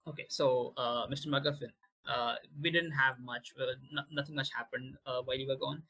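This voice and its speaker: Husky, halting male game master. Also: medium pitch, steady tone, bright, forceful tone, rough recording. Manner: halting, many restarts. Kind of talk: narrating a tabletop game.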